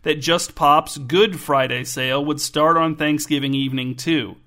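A man's voice: on the high side, fairly even intonation, moderate pace, bright, forceful tone. A man doing an earnest, preachy dad. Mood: earnest, persuasive. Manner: earnest, lecturing.

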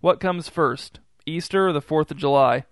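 A man's voice: a little high, moderate pace, clean tone, no echo, close to an everyday voice. A man voicing a father who asks pointed questions in a dry, teasing way.

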